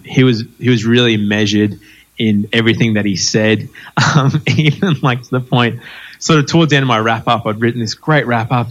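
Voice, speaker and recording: A man's voice: mid-range voice, lo-fi sound. A man hosting a podcast, telling stories in casual chat with lots of fillers and laughter. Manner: animated storytelling with frequent laughs and fillers. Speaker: podcast host.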